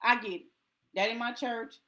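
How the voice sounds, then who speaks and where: A woman's voice: fairly high pitch, fairly even intonation, normal speed, sharp tone. A woman preaching to a congregation in an emphatic, repetitive rallying cadence.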